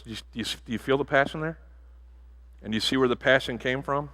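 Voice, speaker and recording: A pastor giving a sermon in a church, animated and jokey, with bursts of loud emphasis. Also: male voice, medium pitch, fast. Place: church sanctuary.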